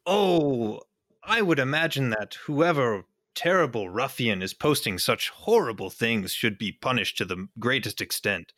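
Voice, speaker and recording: A man voicing a fawning stranger wrapped head to toe who feigns a terrible sickness, overly polite and flattering. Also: mid-range voice, measured pace, no echo, studio quality. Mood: ingratiating.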